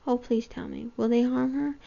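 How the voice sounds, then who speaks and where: A woman's voice: on the high side, steady tone, normal speed, creaky, dark tone. A woman reading as a frantic headstrong young woman. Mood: urgent. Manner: urgent, pleading. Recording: dull lo-fi home recording.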